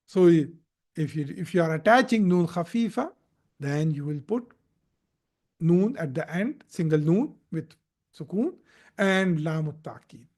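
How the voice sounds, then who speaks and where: A man's voice: a little high, expressive, a little mellow. A man teaching Arabic grammar in a live recorded lesson. He explains step by step, repeats key points, corrects himself and often checks in with "Okay?". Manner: slow, repetitive explaining with frequent "Okay?" checks and self-corrections. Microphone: recorded in a live video session.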